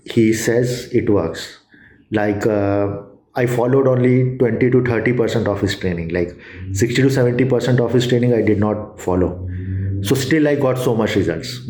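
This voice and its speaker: Man, Indian accent, halting testimonial read with fillers; low, dark tone. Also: reverberant. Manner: halting, many fillers and restarts. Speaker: student giving a testimonial. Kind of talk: casual testimonial.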